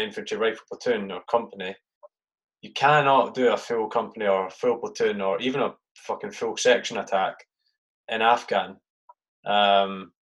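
A man's voice: lowish voice, fairly bright tone, poor audio. A man hosting a casual interview, rambling about infantry life with lots of "like" and swearing. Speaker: podcast host, ex-soldier.

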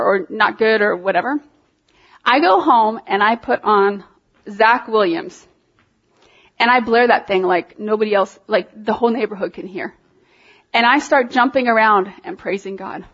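A woman giving an informal, conversational sermon, talking with animated emphasis and lots of fillers. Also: a little high, lo-fi sound. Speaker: preacher.

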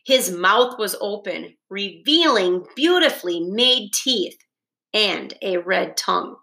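A woman reads a children's novel aloud in a steady, deliberate storytelling voice. She goes very slowly, and her tone is bright and forward. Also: medium pitch, gravelly. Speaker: reader.

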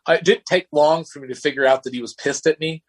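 A man's voice: fairly high pitch, brisk, slightly rough. Male racer guest, loose rambling storyteller. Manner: rambling, many restarts, acts out quotes. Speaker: race car driver guest. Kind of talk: casual storytelling interview.

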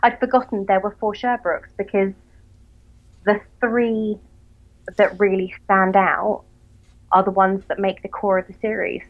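A woman with a Southern English accent chats casually about books in a dry, wry tone. She talks at a middle pitch, and the recording sounds a little muffled and lo-fi. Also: flat delivery, unhurried, pauses often. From England. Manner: dry, self-mocking, laughs often. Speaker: podcast co-host. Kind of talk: casual book chat.

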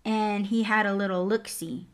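A woman's voice: mid-range voice, moderate pace. A young adult woman hosting a podcast, telling a personal story in a candid, profane, casual way. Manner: candid and profane, lively swings in loudness. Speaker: podcast host.

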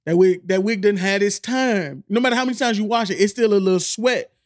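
A man's voice: high-pitched, brisk, no echo, studio quality. A man co-hosting a podcast, chatting casually and joking with loose, profane banter. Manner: joking, loose, swears freely. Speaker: podcast co-host. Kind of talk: casual chat.

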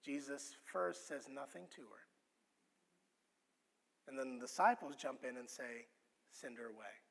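A man preaching a sermon, earnest and expressive, often restarting his words as he teaches. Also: medium pitch, unhurried, gravelly, in a large hall. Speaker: pastor.

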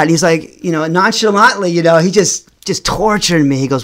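A middle-aged man telling a personal story straight to the camera. His delivery is animated. He stretches out words for emphasis and often stumbles and repeats himself as he goes. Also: on the high side, a little fast, hardly any pauses. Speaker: vlogger.

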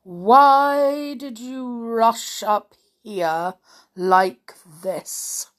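A woman doing a monotonous, impassive butler. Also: fairly high pitch. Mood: flat. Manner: monotonous, slow. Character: impassive deaf male butler, secretive.

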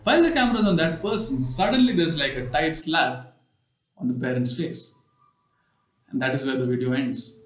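A man's voice: a little high, animated, moderate pace. Man telling a story in an echoey room. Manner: conversational storytelling with frequent "you know" fillers. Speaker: podcast and video host. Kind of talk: casual explanatory monologue. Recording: echoey room with faint music.

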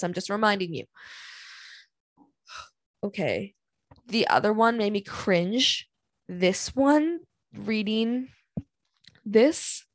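A woman's voice: medium pitch, gravelly, dry recording. A young woman hosting a solo podcast, ranting bluntly and dramatically about dating pet peeves, swearing freely and sighing often. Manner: blunt, profane and dramatic, with frequent sighs. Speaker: podcast host. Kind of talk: candid solo podcast rant.

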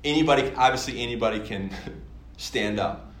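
A young man from Michigan telling a story as a sermon in a church, excited and rambling, with many fillers and restarts. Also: mid-range voice, normal speed. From Michigan, USA. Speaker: guest speaker at a church. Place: church hall. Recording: echoey church hall, faint room noise.

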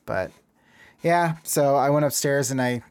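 A man's voice: mid-range voice, a little slow, smooth, no echo. Casual storytelling man. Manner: animated, acts out dialogue in a raised voice.

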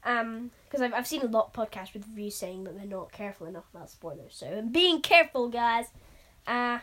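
Sex: woman. Role: podcast co-host. Style: casual, rambling chat. Pitch: slightly high. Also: animated, fairly quick, a bit bright. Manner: chatty, rambling, with many restarts and fillers. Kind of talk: casual chat reviewing a game.

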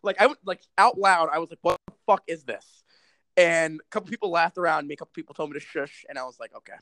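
A man recapping a movie in casual chat, animated and sarcastic, with lots of swearing. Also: a little high, quick pace, no echo, low-quality recording. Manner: animated, profane storytelling with sarcastic asides. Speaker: movie reviewer.

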